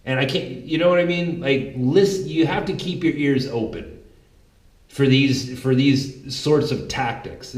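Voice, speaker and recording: A man's voice: medium pitch, a little mellow, reverberant. A man hosting a political commentary show, fired up and confrontational, swearing freely as he rants.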